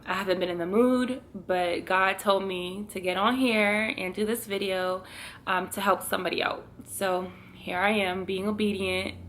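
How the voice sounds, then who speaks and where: A woman's voice: mid-range voice, bright, forceful tone. A woman in her twenties talking earnestly to her viewers in a casual faith vlog, laughing now and then. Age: 20s. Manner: earnest, speaks straight to viewers, often laughing. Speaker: vlogger.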